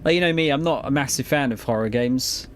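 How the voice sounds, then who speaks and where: A man with a mid-range voice talks a little fast as he chats with viewers on his gaming stream. The talk is casual and meandering, full of swearing and laughter, over slight background noise.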